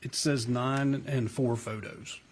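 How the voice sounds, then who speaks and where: A man's voice: mid-range voice, fairly even intonation, slow, slight background noise. A man working as a police investigator, testifying as a witness in a courtroom and giving guarded, careful answers.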